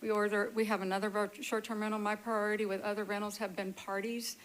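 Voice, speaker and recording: A woman speaking as an appellant at a public hearing, earnest and apologetic, talking in a hurried way into a meeting-room microphone. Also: medium pitch, level tone, a little hiss or hum, rough recording. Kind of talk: testifying at a hearing.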